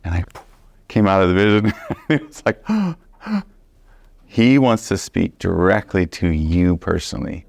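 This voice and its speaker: A man teaching a Bible study sermon, earnest and animated, stressing points by repeating them. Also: low-pitched, moderate pace, gravelly, no room sound. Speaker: preacher.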